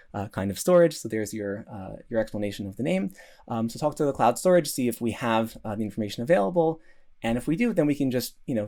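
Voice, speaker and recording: A man's voice: mid-range voice, darkish tone. A man giving a recorded conference talk, earnest, with many restarts and fillers. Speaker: conference speaker.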